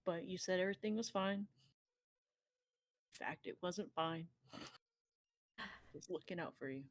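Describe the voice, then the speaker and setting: A woman's voice: on the low side, measured pace, no room sound. A woman playing a tabletop game, chatty, describing her character's actions in first person. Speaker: player. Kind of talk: casual tabletop play.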